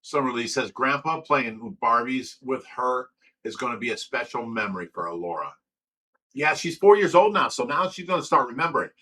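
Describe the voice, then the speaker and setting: A man's voice: medium pitch, lively intonation, a little fast, bright, forceful tone, poor audio. An older man and grandfather hosting a casual livestream, chatting loosely and reading viewer comments aloud with frequent laughs. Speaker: livestream host.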